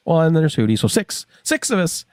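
A man's voice: on the high side, very animated, a little fast, clear, resonant tone, no room sound. A man playing a tabletop game, joking in a playful way. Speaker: player. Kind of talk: casual tabletop play.

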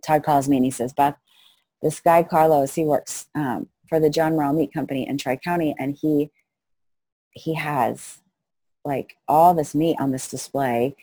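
A woman's voice: deep voice, moderate pace, dry recording. A middle-aged woman, a missionary guest in an interview, telling stories with animation and acting out the people she quotes. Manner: animated storyteller, acts out quoted voices. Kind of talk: storytelling interview.

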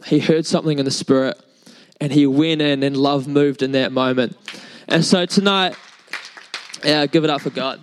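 Casual young New preacher. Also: male voice, on the high side, fairly even intonation, normal speed, poor audio. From New Zealand. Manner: casual, filler-heavy storytelling. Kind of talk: sermon with storytelling. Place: church service.

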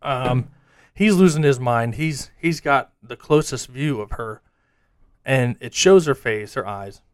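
A man's voice: medium pitch, a little slow, clear, resonant tone, dry recording. A man chats casually and tells a story with animation, slipping into the voices of the people he describes. He sits close to the mic in a dry space, with a mid-range voice. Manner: animated storyteller acting out quotes. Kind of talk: casual chat.

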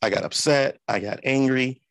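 A man's voice: mid-range voice, normal speed, creaky, dry recording. A man hosting an interview, telling a workplace story in a loose, anecdotal way and acting out the people he quotes. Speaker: interview host.

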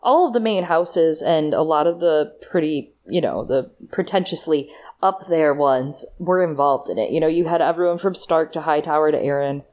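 A woman with a fairly low voice talks on a podcast. She thinks aloud, explaining details step by step with casual fillers. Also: moderate pace, a little mellow. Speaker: podcast co-host. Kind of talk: casual chat.

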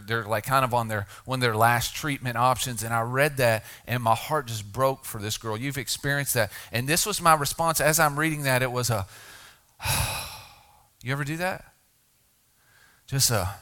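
Bright-voiced man preaching conversationally. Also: mid-range voice. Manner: conversational, drops to soft emphatic tones for key points. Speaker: pastor. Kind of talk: sermon.

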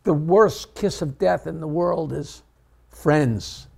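A man co-hosting a casual chat, reacting with quick comments and laughing along. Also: a little high, creaky, a little mellow, slightly rough. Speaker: co-host.

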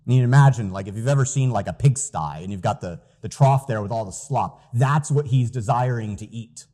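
A man's voice: mid-range voice, fairly quick, warm tone. A man preaching a sermon as pastor, earnest and emphatic, reading out scripture quotes.

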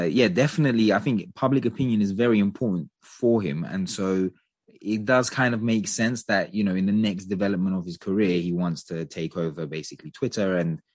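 A deep, husky-voiced man talking casually on a podcast. He gives his opinions with animation, hedging as he goes. His voice sounds dry and close to the mic. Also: normal speed, dry recording. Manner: chatty, animated opinions with frequent hedges. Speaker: podcast co-host.

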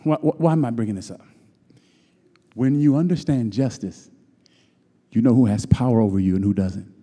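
A man's voice: mid-range voice, normal speed, dark tone. A middle-aged man preaching a sermon in a conversational, teasing way that calls on the congregation to answer back. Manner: conversational, teasing, call-and-response. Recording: long reverb in a large hall.

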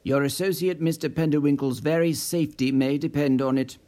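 A man voicing a brusque, insistent man who demands answers, in a lower, firmer voice than his own. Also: steady tone, a little fast, natural voice. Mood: urgent. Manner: forceful, insistent.

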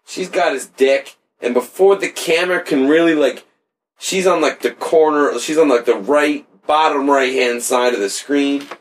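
A man's voice: on the high side, normal speed. Rambling man telling a crude story. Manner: rambling storyteller, many "like" fillers. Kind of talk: crude casual chat.

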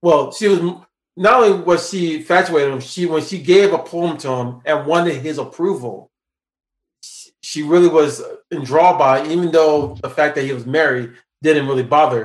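A man hosting a casual podcast about a film, rambling with restarts and laughing often. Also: a little high. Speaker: podcast host. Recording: roomy echo.

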